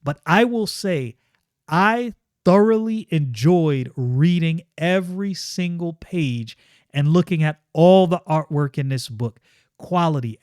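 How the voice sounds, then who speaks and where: Enthusiastic comic reviewer, a man with a fairly high voice, chatty and repetitive, dry close sound. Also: a little mellow, no room sound. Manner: enthusiastic, conversational, with repeated phrases. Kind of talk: casual video commentary.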